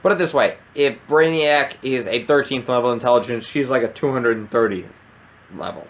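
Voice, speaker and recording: A man's voice: medium pitch, moderate pace. A man co-hosting a podcast, recapping a cartoon episode plot in casual chat, dry and matter-of-fact. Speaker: podcast co-host.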